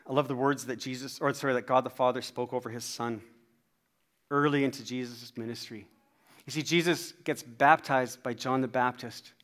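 A man preaching a sermon, telling a personal story in an animated, self-deprecating way. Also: mid-range voice, normal speed. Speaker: pastor.

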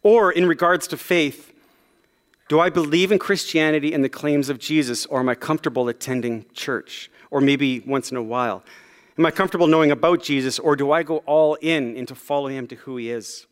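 A man delivers a sermon in a fairly high voice, talking to the congregation like friends. He is casual and self-deprecating, with frequent ums and restarts. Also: a little fast, clean tone. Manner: conversational and self-deprecating, with many fillers. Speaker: pastor.

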